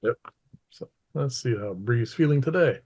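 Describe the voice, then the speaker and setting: A man's voice: medium pitch, animated, moderate pace, darkish tone, slightly rough. A man narrating casually as game master of a tabletop game.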